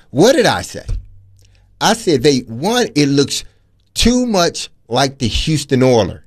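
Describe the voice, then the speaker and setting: Male sports radio co-host, opinionated and animated, lively pitch. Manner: animated, opinionated, repeats words.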